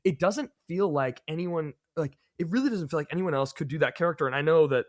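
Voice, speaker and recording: A man's voice: fairly high pitch, expressive, quick pace, no room sound, clean studio sound. A male podcast host asking long, eager questions in a casual interview. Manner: eager, rambling questions with fillers.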